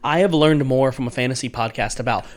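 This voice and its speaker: A man's voice: mid-range voice, fast. A young man co-hosting a sports podcast, talking casually and acting out quotes with slangy enthusiasm. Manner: animated, slangy, acts out quotes. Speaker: podcast co-host.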